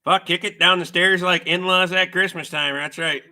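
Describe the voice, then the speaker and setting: A middle-aged man spins rambling, profanity-laced anecdotes for his stream chat and stops now and then to read viewer comments aloud. His voice sits a little high and comes across bright and forceful. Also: steady tone, normal speed. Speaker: livestream host. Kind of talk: casual storytelling chat with viewers.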